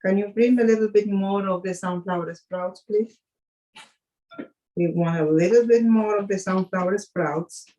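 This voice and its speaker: A woman chef leading a live cooking demonstration, speaking haltingly with fillers and restarts, an English speaker. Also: mid-range voice, mellow, dull audio.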